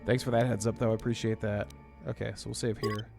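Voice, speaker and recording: A man's voice: on the low side, flat delivery, quick pace, gravelly, a little mellow, faint music behind. A man streaming a video game, thinking aloud as he works through sums and grumbles in a half-joking way. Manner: thinks aloud, counting and muttering sums to himself. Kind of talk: casual let's-play commentary.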